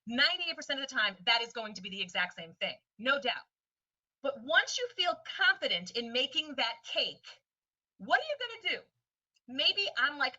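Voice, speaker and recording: A woman teacher presenting a webinar lesson in a lively way, often slipping into quick voices for students and friends. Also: high-pitched. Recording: distant, dull lo-fi sound.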